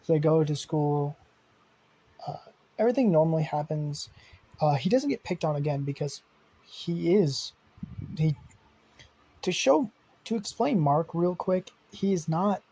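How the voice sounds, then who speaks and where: A young man tells an improvised story in a loose, rambling way, stumbling over restarts and dropping casual curses. His voice is husky and mellow, sitting a little higher than most men's. He sounds off the cuff rather than scripted. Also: lively intonation, unhurried, pauses often, low-quality recording. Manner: rambling, with fillers, restarts and swearing. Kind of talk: improvised fan-fiction storytelling.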